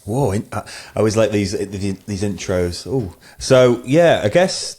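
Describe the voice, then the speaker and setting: Low-voiced relaxed man in his forties. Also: a little slow, slightly rough. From New Zealand. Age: 40s. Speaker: guest, wedding photographer. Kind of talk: casual interview chat.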